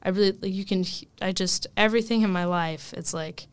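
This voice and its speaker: A woman's voice: mid-range voice, fairly quick, clear, resonant tone. A young woman, a first-year college student, talking casually in an interview, chatty with many fillers and laughs. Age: young adult. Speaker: student guest.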